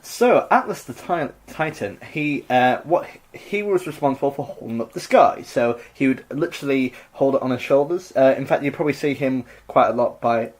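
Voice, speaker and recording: A man's voice: mid-range voice, moderate pace, hardly any pauses. A man co-hosting a podcast, chatting casually and telling stories in a rambling, jokey way. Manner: rambling, lively storytelling with restarts. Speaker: podcast co-host. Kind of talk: casual comedic chat.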